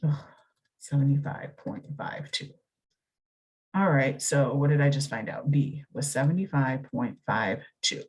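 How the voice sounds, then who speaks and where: A low-voiced woman talks through a math lesson in a relaxed, chatty way. Her voice is a little husky, and she thinks aloud, stops and corrects herself as she works the problems. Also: moderate pace, few pauses. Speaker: math teacher. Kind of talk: recorded lesson walkthrough.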